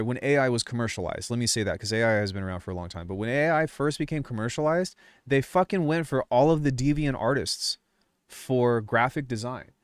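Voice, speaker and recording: A man's voice: mid-range voice, dry recording, clean studio sound. A young man ranting casually on his music channel, swearing often and rambling through restarts as he gets worked up. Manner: swears a lot, rambling, fired up. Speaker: music producer YouTuber. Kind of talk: casual livestream rant.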